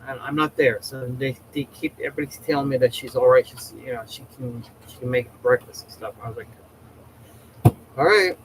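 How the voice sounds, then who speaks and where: Casting: man, everyday mid pitch, casual livestream host, rambling chatter, faint noise behind. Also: flat delivery, moderate pace. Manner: rambling, chatty, many restarts.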